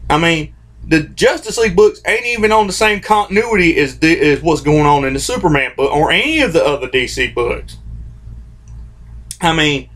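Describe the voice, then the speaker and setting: High-voiced man on a heated rant. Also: animated, normal speed, fairly bright tone. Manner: heated, repetitive, informal, restarts phrases often. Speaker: host of a comics commentary channel. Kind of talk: opinionated vlog rant.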